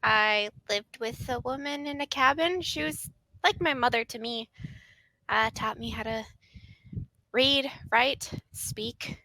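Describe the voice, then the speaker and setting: A woman speaks in character at a tabletop game. Her voice is high and bright, with a gravelly edge. It sounds close and dry. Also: a little slow, dry recording, rough recording. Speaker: player.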